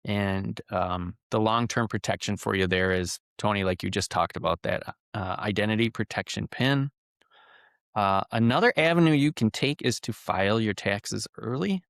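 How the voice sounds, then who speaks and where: A man's voice: on the low side, moderate pace, gravelly, dry recording, studio quality. A man hosting a podcast, talking casually with lots of ums and telling a cautionary story. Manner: relaxed, frequent ums and uhs, conversational. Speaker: podcast host.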